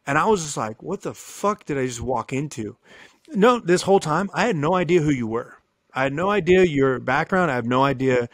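A man co-hosting a podcast, telling a long story in a casual, animated way, cursing freely and acting out what people said. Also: a little high, fairly quick, no echo. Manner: animated, profane, acts out quoted dialogue. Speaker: podcast co-host.

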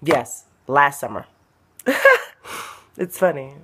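A woman's voice: a bass voice, animated, slow, noisy background. A young woman, chatting and telling stories in a casual vlog, often giggling, partly filmed in a car on a phone camera. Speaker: vlogger. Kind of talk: casual vlog chat and storytelling.

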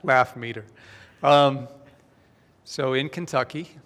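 A man giving a playful, lively conference talk about his book, telling a joke to the audience. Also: medium pitch, slow. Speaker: speaker presenting his book. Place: large conference hall. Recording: long reverb of a hall.

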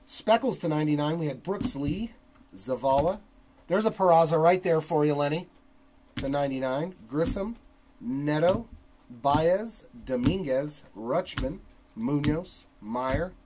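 Male card break host, unhurried delivery, a bit high, noisy stream audio. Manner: rattles off long lists of names in a steady cadence. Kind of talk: live card break recap, reading names.

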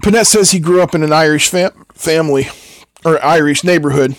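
A man's voice: fairly high pitch, a little fast. Chatty older man soldering and rambling. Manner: rambling, chatty, answers chat between steps. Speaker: host of an electronics build stream. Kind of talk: casual chat while soldering.

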